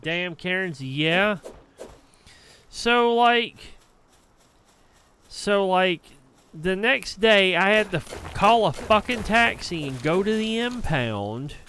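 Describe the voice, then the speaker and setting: A young man with a slightly high, bright voice that comes across smooth and crisp. He tells a heated, profanity-laced story in a casual streamer's ramble and takes his time over it.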